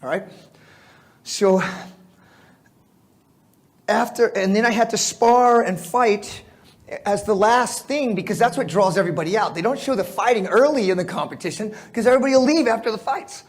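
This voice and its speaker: A middle-aged man from the United States telling lively stories to an audience at a fitness symposium, with fillers, restarts and laughter. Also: high voice, normal speed, pauses often. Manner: animated, laughing storyteller with filler words and restarts. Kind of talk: storytelling talk to a live audience.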